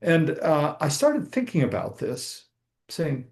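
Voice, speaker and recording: An older man spins a rambling anecdote, full of ums and restarts. His voice is dark and mellow. It sits in a roomy, echoey space. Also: a little high, huge pitch swings, measured pace. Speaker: guest physician. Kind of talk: storytelling interview answer.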